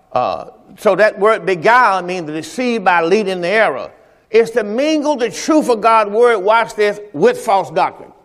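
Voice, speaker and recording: A male pastor a Sunday sermon, speaking conversationally to his congregation and telling personal stories. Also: high-pitched. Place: church sanctuary during Sunday service. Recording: reverberant church hall.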